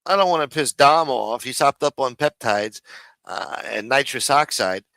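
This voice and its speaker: A man's voice: mid-range voice, animated, normal speed, vocal fry, pushed and bright, no echo, rough recording. A man hosting a live stream, ranting and mocking in casual, profanity-heavy talk. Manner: profane, mocking, rambling rant.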